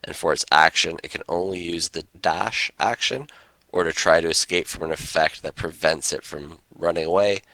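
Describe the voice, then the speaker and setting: A man's voice: sits low, moderate pace, pushed and bright, no echo. A man playing a tabletop game, eagerly reading out the rules at length. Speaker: player.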